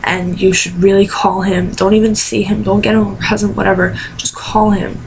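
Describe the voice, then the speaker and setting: A woman's voice: mid-range voice, level tone, moderate pace, gravelly, darkish tone. A teenage girl telling a personal story in an emotional vlog, tearful and rambling. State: crying. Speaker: vlogger. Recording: noisy home recording.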